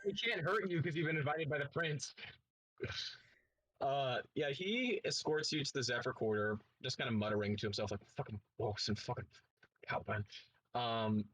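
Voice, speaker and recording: A man as game master, narrating a tabletop role-playing game in a relaxed, casual way. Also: on the high side, moderate pace, low-quality recording.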